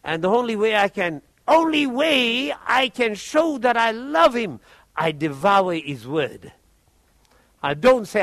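A man preaching, telling a testimony story in an animated way and often repeating his words. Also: high-pitched, takes it slowly, no echo.

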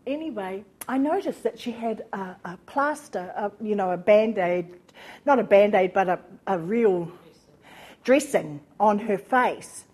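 A woman's voice: mid-range voice, expressive, measured pace, a little mellow, husky. An older woman giving a personal testimony at a church meeting, telling stories and acting out conversations, fervent when she praises God. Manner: storytelling, acting out both sides of conversations. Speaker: speaker at a women's church meeting.

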